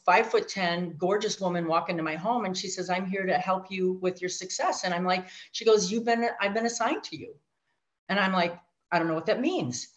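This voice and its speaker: Animated woman telling her story, lo-fi. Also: fairly low pitch. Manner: animated storyteller, mimics voices, asides to the audience. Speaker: guest sharing her story. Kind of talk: personal testimony talk. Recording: dull lo-fi audio.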